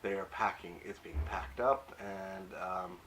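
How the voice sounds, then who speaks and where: Rambling young man with a lowish voice. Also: fairly even intonation, slow, a bit bright, a little hiss or hum, poor audio. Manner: rambling, hesitant, many fillers; offhand, wry asides. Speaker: YouTube recap reviewer. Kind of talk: casual episode recap.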